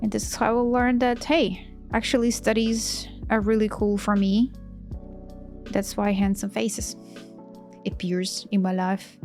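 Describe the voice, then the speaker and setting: A woman's voice: mid-range voice, level tone, a little slow, darkish tone. Chatty woman artist streaming, restarting often. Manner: chatty, enthusiastic, frequent restarts in non-native English. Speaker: artist streaming while drawing. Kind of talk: casual chat on a live stream. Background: faint background music.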